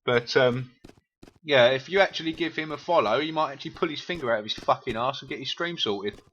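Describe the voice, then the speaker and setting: A man's voice: medium pitch, a little fast, fairly bright tone, lo-fi sound, a little hiss or hum. A man from East London with a Cockney accent, chatting casually and swearing freely with viewers while streaming a game. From England.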